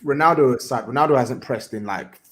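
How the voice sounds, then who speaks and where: A man's voice: mid-range voice, a little fast, fairly bright tone. A man with a London accent in casual football chat, insistent and repeating his words. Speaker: podcast co-host.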